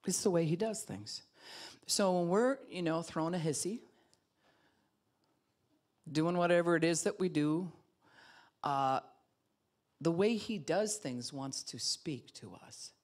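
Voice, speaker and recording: A woman pastor preaching with a low voice that swings widely and expressively. She keeps her sermon lively, acting out the voices of the people she talks about and laughing often. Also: a little slow, pauses often. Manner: animated, acts out quoted voices, laughs often.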